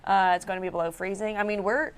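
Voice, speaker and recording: A woman's voice: mid-range voice, fairly even intonation, quick pace, smooth. Woman, New York accent, news reporter, casual chatty talk. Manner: chatty, laughs while telling stories. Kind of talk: casual on-air chat.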